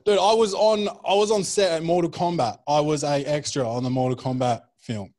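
A man's voice: on the high side, moderate pace, a little mellow. A young man, a comedian guest, telling rambling anecdotes and swearing freely in casual chat.

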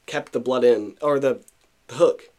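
A man's voice: medium pitch, a little slow, a little mellow. A young man co-hosting a podcast, telling a story in casual chat, acting out what people said, with many fillers and restarts. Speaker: podcast co-host.

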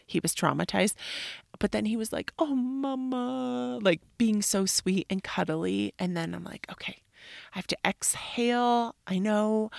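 Woman in her thirties, solo podcast host, candid and rambling, whispered asides, lowish voice, dry close sound. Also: gravelly, no room sound. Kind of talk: casual solo podcast talk.

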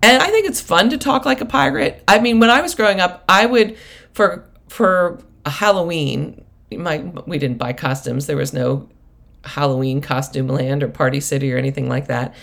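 Sitting low with a creaky, slightly bright quality, the voice moves at a moderate pace. It belongs to a middle-aged prosperity coach and host whose storytelling monologue rambles, laughs, and digresses.

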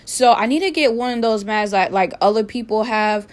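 A young woman hosting her own podcast, telling a story in a casual, animated way, repeating herself with sassy asides. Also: on the high side, moderate pace. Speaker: podcast host.

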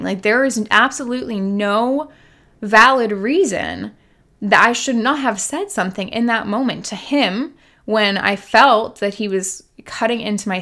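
A woman's voice: mid-range voice, a bit bright. A young woman who works as a life coach talks straight to her listeners about something that happened to her. Her delivery is candid and chatty, packed with "like" and "literally", and she lets out a laugh here and there as the story goes on. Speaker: life coach and podcast host. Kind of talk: casual storytelling monologue.

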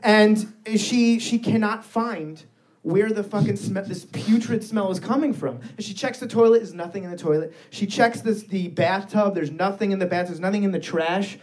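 A man's voice: sits high, normal speed. A man telling a crude story in casual podcast chat, swearing freely and laughing as he goes. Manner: profane, animated storytelling with frequent laughs.

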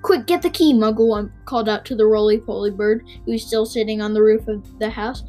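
A woman's voice: mid-range voice, monotone, a little fast, dark tone, soft background music, poor audio. A woman reading a chapter book aloud, chatting loosely and unprepared between readings. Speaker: reader.

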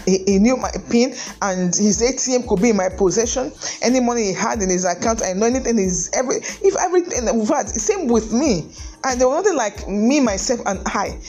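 A middle-aged woman who works as a lawyer gives an earnest, emphatic, preachy talk on marriage, often repeating words and throwing in "hey." Her voice is a little high and a little mellow.

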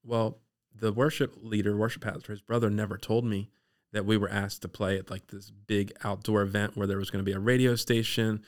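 A man from the Eastern Shore of Maryland tells a personal story as a podcast guest. His voice sits low and sounds smooth and resonant. He tells it in an animated way. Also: a little fast. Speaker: guest sharing his testimony.

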